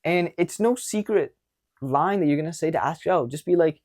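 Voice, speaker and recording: A young man coaching viewers on dating in a casual monologue, animated and blunt, with casual swearing. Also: on the high side, fairly quick.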